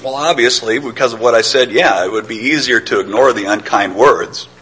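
Husky-voiced man preaching a sermon. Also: mid-range voice, brisk, bright, forceful tone, low-quality recording. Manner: earnest, reflective, with stammered restarts.

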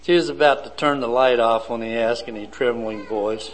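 A man preaching a sermon slowly and deliberately, building his points in lists. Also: mid-range voice, rough recording.

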